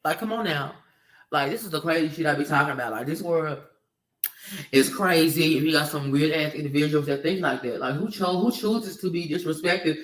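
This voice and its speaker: A man's voice: fairly high pitch, fairly quick, fairly bright tone, far from the mic. A man ranting in an opinion vlog, heated and emphatic, swearing often and hammering the same points again and again. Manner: heated, emphatic, profane, repetitive. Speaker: video commentator. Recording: echoey room, off-mic.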